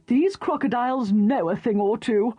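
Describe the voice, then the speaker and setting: A woman's voice: on the high side, moderate pace, breathy edge, dry recording. A woman voicing an enthusiastic rich old man in a children's storybook. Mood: gleeful. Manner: enthusiastic shouting. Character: rich old man, gleeful escapee from bossy carers.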